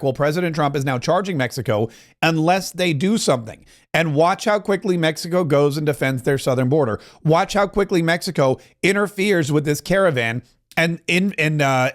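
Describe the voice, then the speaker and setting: A man hosting a political commentary show, talking emphatically with sarcastic asides. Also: a little high. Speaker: talk show host.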